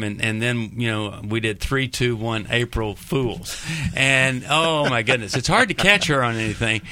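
A man hosts a call-in radio show, telling stories in a loose, chatty way full of "uh" and "you know." His voice is bright and pushy, and the studio sound is dry and close. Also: mid-range voice, a little fast, hardly any pauses, smooth, no echo. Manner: chatty, storytelling with many fillers. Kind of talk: casual radio talk show chat. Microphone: studio microphone.

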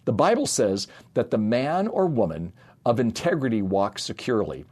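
A man's voice: mid-range voice, sing-song, normal speed, darkish tone. A middle-aged man from a family ministry, giving an earnest sermon-style talk full of personal stories. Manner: earnest storytelling, acts out quoted voices. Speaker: speaker in youth and family ministry.

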